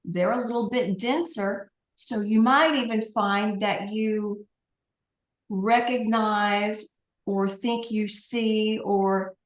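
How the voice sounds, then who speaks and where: A woman's voice: mid-range voice, steady tone, slow pace, echoey room, poor audio. A woman guest on an interview, an angel communicator, telling stories in a chatty way with light laughs. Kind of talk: casual interview talk.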